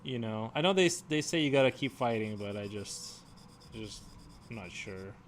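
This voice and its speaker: A man's voice: on the low side, lively intonation, moderate pace, a little hiss or hum. Rambling man chatting on a livestream. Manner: rambling, unsure, reading chat aloud. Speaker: livestream host. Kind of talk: casual chat while sketching.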